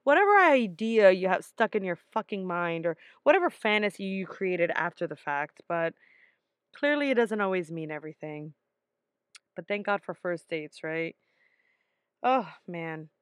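A young woman telling a personal story in a casual, animated way, emphatic and full of swearing. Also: fairly low pitch, normal speed, clear, resonant tone, no room sound, clean studio sound.

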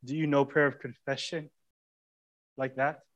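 A man in his thirties, a pastor preaching with passion, his colloquial talk swinging from loud urging to hushed intimacy. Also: medium pitch, flat delivery, measured pace. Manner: colloquial preaching, casual grammar. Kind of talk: sermon.

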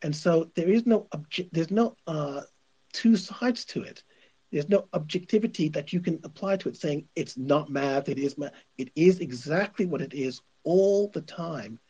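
A man's voice: fairly high pitch, normal speed, mellow, slightly rough, highs cut off. A male radio host giving opinionated commentary, emphatic and insistent, repeating his points.

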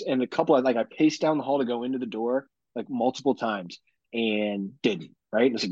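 A man hosting a podcast, telling a profane, animated story about his kids in casual chat. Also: medium pitch, a little fast, dry recording. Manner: profane, animated storytelling with mock-dramatic quotes. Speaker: podcast host. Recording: dull lo-fi podcast audio.

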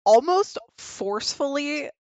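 A woman's voice: high voice, lively intonation, takes it slowly, dry recording. A young woman casually telling a frank, laughing story on a podcast, swearing freely and acting out her own reactions. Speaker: guest.

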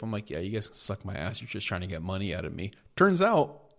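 A man's voice: lowish voice, animated, quick pace, creaky. A man from the United States co-hosting a podcast, telling rambling, profane stories in casual chat. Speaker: podcast co-host.

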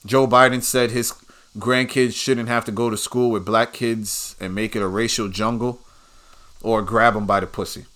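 Bright-voiced man ranting crudely. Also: fairly low pitch, steady tone, moderate pace. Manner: crude, combative, swearing freely. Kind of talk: profane rant.

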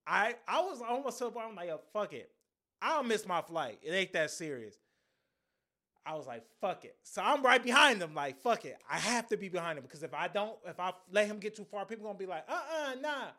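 High-voiced young man telling a story. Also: moderate pace. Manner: animated, profane, slangy storytelling. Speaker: podcast host. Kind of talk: casual storytelling monologue.

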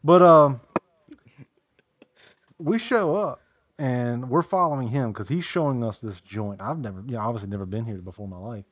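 A man with a Southern American accent, a podcast co-host telling profane stories in casual chat, jumping into loud quoted voices. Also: medium pitch, moderate pace, pauses often, breathy edge. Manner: profane, animated storytelling with loud acted quotes.

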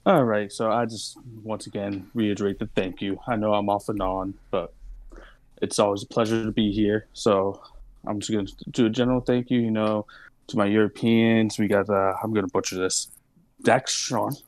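Low-voiced easygoing podcast guest. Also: male voice, fairly even intonation, normal speed, dry recording. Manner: easygoing, self-mocking. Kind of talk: casual chat.

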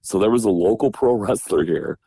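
A man from Wisconsin, a former pro wrestler, telling old road stories as an interview guest. His voice sits very low and mellow. He acts out the people he quotes and laughs often, recorded close and dry. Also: expressive, fairly quick, creaky, slightly rough, no echo. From Wisconsin, USA. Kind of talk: casual storytelling interview.

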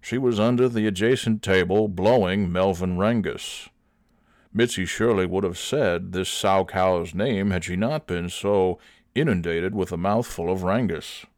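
Deep-voiced deadpan man, profane. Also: measured pace, dry recording, clean studio sound. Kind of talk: crude comic storytelling and casual chat.

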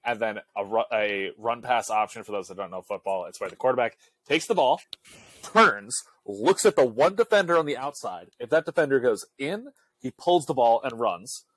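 Young male co-host, casual storyteller, middle pitch, dry close sound, loose rambling delivery. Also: expressive, normal speed, no echo. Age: young adult. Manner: rambling, heavy use of filler "like". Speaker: podcast co-host; college student section leader.

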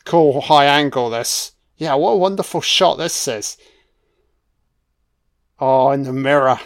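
Guy doing a film reaction track, slow unhurried delivery, swears a lot, yells at the screen. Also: medium pitch. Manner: profane, talking back at the screen. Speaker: film commentator. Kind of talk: live reaction commentary over a film.

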